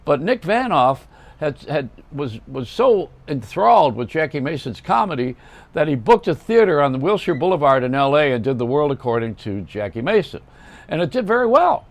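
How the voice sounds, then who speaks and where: An older man hosts a storytelling monologue, drifting from one anecdote to the next. His voice is gravelly and his pitch moves with lively swings. He keeps restarting phrases and correcting himself as he goes. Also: moderate pace. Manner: rambling, self-correcting anecdotes. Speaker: radio host.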